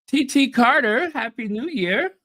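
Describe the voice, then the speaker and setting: A man hosting a casual livestream, excitable, greeting viewers by name and laughing often. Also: very high voice, a little slow, no room sound, studio quality. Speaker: livestream host. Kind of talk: casual live-stream chat.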